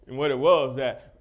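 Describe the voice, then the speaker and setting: A middle-aged man preaching a testimony sermon, acting out the dialogue and breaking into laughter as he tells it. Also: mid-range voice. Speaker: pastor.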